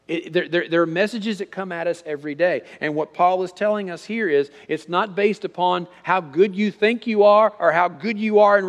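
Man preaching a sermon in a reverberant hall. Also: fairly high pitch. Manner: conversational preaching with frequent repetitions, swinging from loud to soft. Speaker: pastor.

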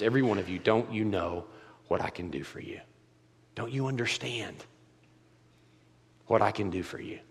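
A male pastor preaching a sermon, moving between hushed, quiet passages and loud, impassioned climaxes. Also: lowish voice, in a large hall.

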